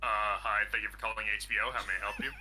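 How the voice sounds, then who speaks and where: A man's voice: lowish voice, little pitch movement, rapid-fire, pushed and bright, voice pushed down. A man putting on a voice as a flustered, stammering male sales clerk answering a phone call.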